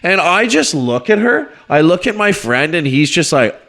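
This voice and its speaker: A man on a podcast telling a story to friends in a casual, animated way, swearing freely and acting out the people he quotes. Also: sits high, normal speed. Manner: animated, swearing, shouts when quoting people.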